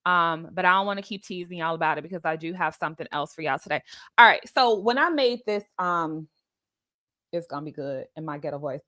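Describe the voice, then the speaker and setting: A woman hosting a casual live stream, greeting viewers by name and chatting in an animated way, often laughing. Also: on the low side, a little fast, no echo.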